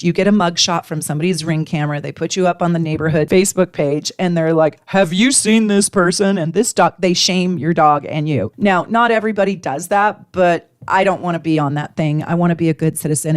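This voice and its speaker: A woman astrologer telling a personal story to her viewers with animated emotion. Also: fairly low pitch, dry recording, studio quality. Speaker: astrologer and tarot reader. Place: home, lives in Washington State.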